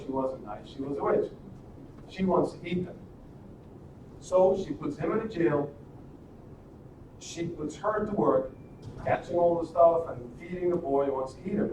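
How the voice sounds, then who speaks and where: A man hosting a live stream, retelling a fairy tale in a casual, rambling way and turning it into a motivational talk full of rhetorical questions. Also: fairly high pitch. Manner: animated, rambling, with frequent restarts and rhetorical questions. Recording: echoey room, distant mic, noisy.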